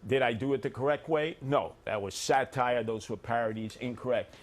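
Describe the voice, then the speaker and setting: A man's voice: mid-range voice, moderate pace. A middle-aged man answering as a candidate in a televised debate, blunt and plain-spoken, turning combative at his rival.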